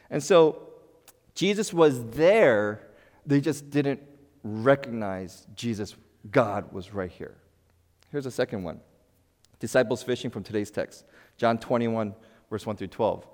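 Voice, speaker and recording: A male pastor giving a sermon in an animated, conversational way, swinging from loud bursts to quiet asides with playful humor. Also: on the high side. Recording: long hall reverb.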